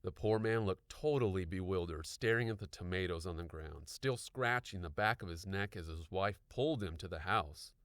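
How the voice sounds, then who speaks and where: A man narrating an audiobook with expressive storytelling. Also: low-pitched, normal speed, hardly any pauses, no room sound, clean studio sound.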